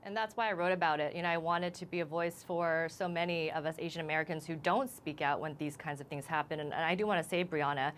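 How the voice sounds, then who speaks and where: A woman reporter in a live TV interview, shaken and emotional, speaking haltingly with many restarts. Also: sits low, steady tone, slight background noise. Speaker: news reporter as guest.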